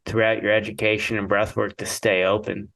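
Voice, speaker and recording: A man's voice: fairly low pitch, little pitch movement, brisk, gravelly, a bit bright, far from the mic. A man hosting a podcast, asking a long, rambling opening question and searching for words. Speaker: podcast host. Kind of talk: casual interview question. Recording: voice a little off-mic.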